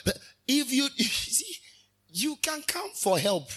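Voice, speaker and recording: A man preaching a sermon as a minister, fervent, with sudden loud rises and quick asides. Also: sits high, wildly swooping pitch, slightly rough.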